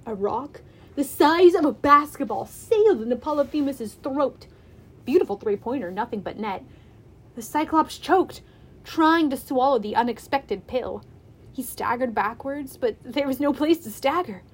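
A woman reading a first-person adventure aloud, expressive and deliberate. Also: high-pitched, breathy edge. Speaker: audiobook reader. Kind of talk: dramatic first-person storybook narration.

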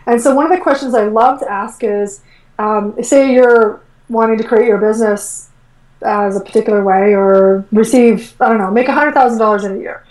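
An energy work coach appears as a guest in a relaxed interview, her fairly high voice lively as she reenacts what she said and thought, peppering it with "like" and "um." She talks at a normal speed, set back from the microphone in a room with echo.

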